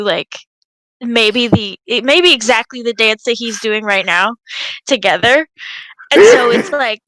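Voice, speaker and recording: A woman with a high, lively, bright voice muses playfully about a tabletop game. The sound is dry and close, with no room echo. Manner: playful, musing. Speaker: player. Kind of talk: casual tabletop play.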